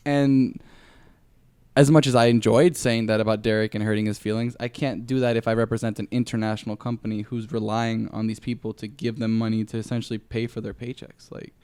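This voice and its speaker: This man talks quickly in a dark, mellow voice that stays smooth and clear. He makes his points on a gaming podcast emphatically and at length, in a dry, close sound. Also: lowish voice, little pitch movement, no room sound. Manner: emphatic and opinionated, explaining at length. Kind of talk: casual podcast discussion.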